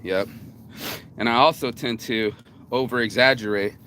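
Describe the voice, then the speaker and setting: A man talks straight into his phone outdoors, rambling and cocky, swearing freely as he circles back over his points. His pitch sits in the middle for a man. Faint traffic noise hums behind him. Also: fairly even intonation, moderate pace, sharp tone. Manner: profane, cocky, rambling with restarts. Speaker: vlogger. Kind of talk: rambling casual monologue. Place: outdoors in the sun.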